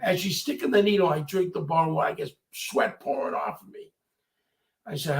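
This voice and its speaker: A man's voice: high-pitched, a little fast. A man, telling stories in a casual chat and acting out the voices of the people in them. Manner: animated, acts out quoted voices. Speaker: storyteller.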